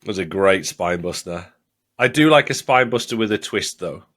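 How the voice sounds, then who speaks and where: A man co-hosting a podcast, chatting casually and excitably, swearing and laughing often. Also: low-pitched, normal speed. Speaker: podcast co-host. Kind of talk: casual chat.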